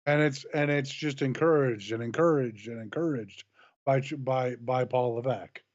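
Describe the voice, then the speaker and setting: A man's voice: medium pitch, normal speed. A man co-hosting a casual chat, mostly giving short agreeing replies and restarting his sentences. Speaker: co-host. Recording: muffled lo-fi mic.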